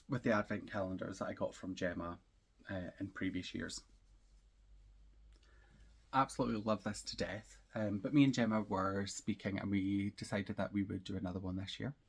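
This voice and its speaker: A man's voice: on the low side, breathy edge. A man hosting a crafting podcast, chatting in a rambling way with lots of ums and likes and easy laughs. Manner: laughs easily. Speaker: podcast host. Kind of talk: casual chat about knitting and crochet projects.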